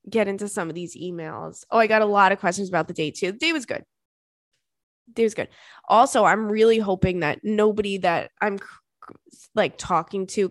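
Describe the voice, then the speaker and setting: A woman's voice: mid-range voice, no echo, studio quality. A young adult woman hosting a podcast, telling candid stories in a chatty, oversharing way with swearing and laughter. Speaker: podcast host. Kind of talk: casual chat.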